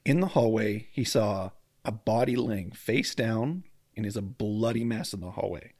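Chatty man with a gravelly voice. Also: fairly low pitch, moderate pace, darkish tone, dry recording. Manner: chatty, jokey, stumbles over names. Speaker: podcast co-host. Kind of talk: casual true-crime podcast chat. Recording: dry close mic at home, faint outdoor hum.

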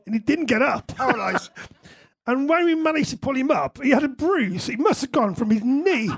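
Guy, high voice, live Q&A guest, laughs a lot, swears casually. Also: lively intonation, normal speed, husky. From England. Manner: chatty anecdotes, frequent laughter, casual swearing. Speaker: musician guest. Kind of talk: live on-stage Q&A storytelling.

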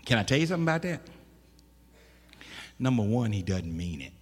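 A man preaching a sermon, with loud emphatic bursts, stammered restarts and questions to the congregation. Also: lowish voice, big pitch swings, a little fast, slightly rough. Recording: echoey hall.

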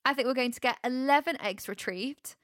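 A woman's voice: sits high, a little fast, fairly bright tone, dry recording. Chatty woman, dry close sound. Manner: chatty, giggly, breaks into song. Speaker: vlogger going through IVF. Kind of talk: casual chat.

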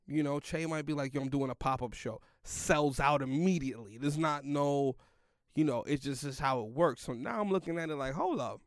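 A man's voice: mid-range voice, a little fast, no room sound, clean studio sound. A young man, a comedian, telling a rambling story in loose slang, full of "like" and "yo". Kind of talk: casual storytelling in a podcast chat.

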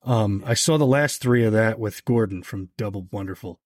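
A man guesting on a podcast, telling an anecdote in a casual, animated way, with lots of "like" fillers. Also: normal speed, dry recording, clean studio sound. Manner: animated, heavy on "like" fillers, jumps higher when quoting others. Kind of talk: casual storytelling chat.

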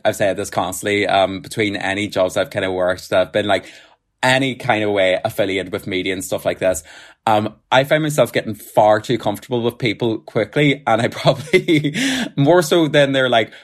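A man hosting a casual chat, halting and joking, with many restarts. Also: fairly low pitch.

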